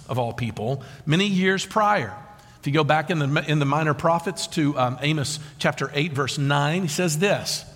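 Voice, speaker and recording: High, animated male preacher in reverb. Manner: dramatic preaching with rhetorical questions. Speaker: pastor. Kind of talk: sermon. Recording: long reverb of a large hall.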